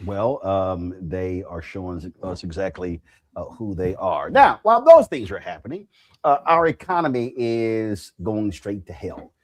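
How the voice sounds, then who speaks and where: A man's voice: low-pitched, big pitch swings, a little slow. A man speaking as a panelist in political commentary, blunt and casual.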